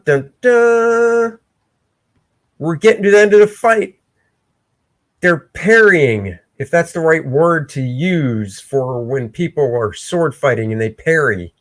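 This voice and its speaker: A man hosting a casual livestream where he talks through his own comic pencils, excitable and breaking into shouts. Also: on the high side. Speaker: comic artist and show host. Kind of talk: casual livestream art commentary.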